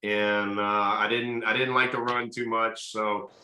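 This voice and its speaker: A man's voice: on the low side, level tone, unhurried, sharp tone, reverberant, low-quality recording. An older man, a retired ballplayer, answering interview questions in an easygoing, folksy way. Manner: easygoing, folksy, fillers like "you know". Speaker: retired baseball player, guest.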